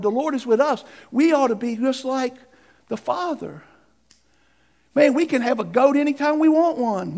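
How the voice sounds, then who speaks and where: Male pastor, high gravelly voice, preaching style that swings from shouting to near hush. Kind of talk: sermon.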